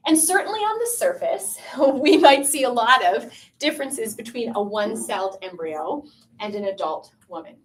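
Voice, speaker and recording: A woman from Canada giving a lecture to a student audience, chatty and lively, often asking the listeners questions. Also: mid-range voice, a little hiss or hum. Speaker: pro-life speaker. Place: room with a piano and a live audience.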